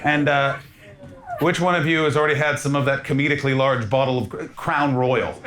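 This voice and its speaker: A man's voice: mid-range voice, brisk. A man doing a stand-up set in a comedy club, swearing freely, mocking himself and riffing with the audience. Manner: profane, self-deprecating, riffing with the audience. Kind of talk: stand-up set with crowd work. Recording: live club mic, loud audience laughter and noise.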